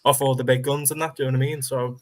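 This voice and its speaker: Quick, friendly male guest, noisy chatter behind. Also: medium pitch, little pitch movement. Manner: friendly, quick, says thanks a lot. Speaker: guest on a fan call. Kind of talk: casual group call banter.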